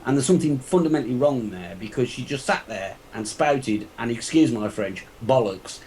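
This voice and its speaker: A man's voice: medium pitch, expressive, normal speed, a little mellow, rough recording. A man with a mid-range voice rants bluntly on a casual panel chat. He sounds exasperated, and a faint hum of noise sits under him. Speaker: panel guest.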